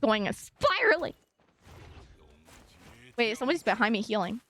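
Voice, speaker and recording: A woman's voice: fairly high pitch, very animated, fairly bright tone. A woman from Washington State with a local accent, chatting and rambling to her viewers on a casual gaming stream. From Washington State, USA. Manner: rambling, chatty, quick asides to chat. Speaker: live streamer.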